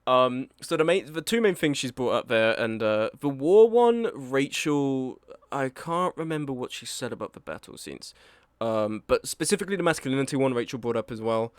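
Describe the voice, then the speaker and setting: A man's voice: mid-range voice, expressive, normal speed, clean tone, no echo. A man in his early twenties, an author talking casually and candidly about a review of his book, rambling and losing his train of thought. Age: early 20s. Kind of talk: casual reaction commentary.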